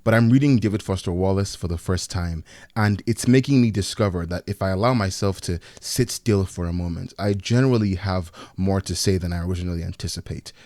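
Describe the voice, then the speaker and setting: A man in his twenties from Nigeria, narrating a reflective personal video essay in a soft-spoken way. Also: sits low, fairly quick. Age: 20s.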